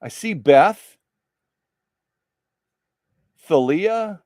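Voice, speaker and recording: A man's voice: sits high, expressive, slow pace, a little mellow, no room sound, clean studio sound. A middle-aged man casually chatting on a livestream while packing a machine in his workshop, repeating himself and poking fun at his own slips. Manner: chatty, repeats phrases, self-deprecating. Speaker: livestream host restoring sewing machines. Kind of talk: casual live-stream chat while working.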